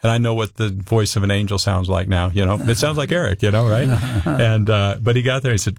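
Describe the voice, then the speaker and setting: Man guest, low voice, earnest rambling storyteller, dry close sound. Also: a little fast, vocal fry, hardly any pauses, no room sound. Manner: earnest, rambling, with filler "uh" and "you know". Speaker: interview guest. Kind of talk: telling a personal story.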